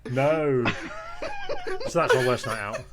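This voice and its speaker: A man's voice: medium pitch, animated, fast, heavy background noise. Rambling man telling a story. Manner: rambling storyteller, restarts and laughs. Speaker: podcast guest. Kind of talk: casual anecdote telling.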